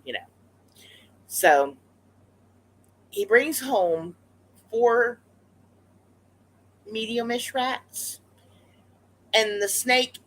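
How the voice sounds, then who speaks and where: In a low-quality recording, a pet rat vlogger tells the camera a story in a casual, chatty way. Her or his mid-range voice is a little bright, and the telling rambles, full of fillers and restarts.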